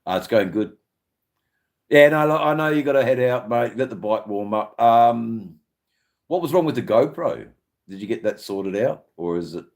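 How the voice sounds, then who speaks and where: A man's voice: medium pitch, lively intonation, moderate pace, creaky, a little mellow. A man with an Australian accent, hosting a live stream and chatting casually with viewers in a rambling, sweary, laid-back way. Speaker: livestream host.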